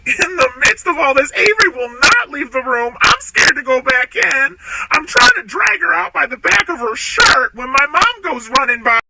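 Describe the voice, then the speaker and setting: A woman's voice: high voice, sing-song, normal speed, creaky. A woman telling a story in a frantic, tearful way. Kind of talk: storytime narration. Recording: loud noisy clicking background.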